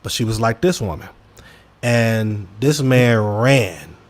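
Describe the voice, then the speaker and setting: A Chicago man co-hosts a podcast, offering casual opinion commentary in an expressive voice and taking it slowly. He's emphatic, swinging between loud bursts and low mutters, and speaks straight to listeners, calling them y'all.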